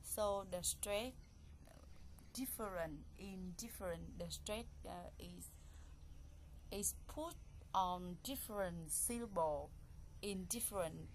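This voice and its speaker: Slow-speaking woman English teacher. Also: fairly low pitch, slight background noise. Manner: repeats each word slowly, counting syllables aloud; simple, non-native phrasing. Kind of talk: classroom pronunciation lesson.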